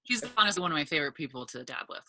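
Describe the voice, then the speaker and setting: A woman telling a funny story in a casual chat, animated and loud when she acts out quotes, swearing freely. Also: sits low, rapid-fire. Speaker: podcast guest, cannabis entrepreneur.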